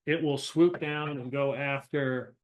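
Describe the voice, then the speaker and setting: A man narrating as game master of a tabletop role-playing game, in loose, halting speech full of fillers and restarts. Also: medium pitch, steady tone.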